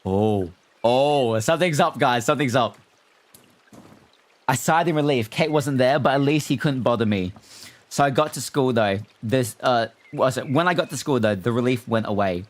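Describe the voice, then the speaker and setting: A young man with an Australian accent reading a scary story live, breaking off to react excitably to chat and stumbling over words. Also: medium pitch, normal speed. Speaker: streamer.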